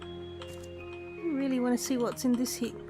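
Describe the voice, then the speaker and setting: A woman's voice: a little high, a little slow, music in the background. An Australian woman giving casual let's-play commentary, chatting and thinking aloud to herself as she plays. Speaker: gaming YouTuber.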